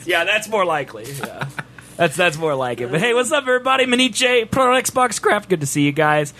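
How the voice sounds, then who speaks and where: High bouncy guy on a stream mic, bright voice, goofing around with his buddy. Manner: joking, animated, quick laughs. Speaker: streamer co-host. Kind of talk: casual livestream banter.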